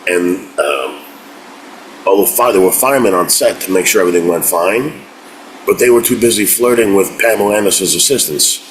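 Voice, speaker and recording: A man telling behind-the-scenes stories from his acting work in a casual, animated way, acting out what people said. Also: on the low side, slight background noise, low-quality recording. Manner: animated, acts out quotes in voices. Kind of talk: casual anecdote.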